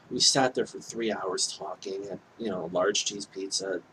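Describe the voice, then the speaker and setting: A man with a fairly low voice tells a story from his own life in a loose, rambling way. He talks candidly and keeps breaking off for asides and apologies. Faint noise sits behind him. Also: steady tone, a little slow, bright, forceful tone, poor audio. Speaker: vlogger telling a personal story. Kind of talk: casual storytelling monologue.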